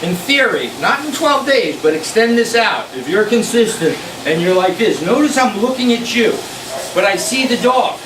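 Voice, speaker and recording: A man's voice: sits high, sing-song, normal speed. A man explaining dog training in loose, fragmented phrases. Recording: distant, echoey, noisy recording.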